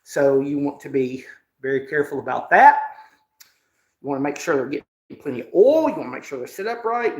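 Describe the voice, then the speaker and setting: A man's voice: fairly high pitch, creaky. A man, hosting a casual live stream while working on a car part in his garage, talking in a folksy way and muttering to himself as he goes. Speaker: host. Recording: echoey, distant, noisy shop.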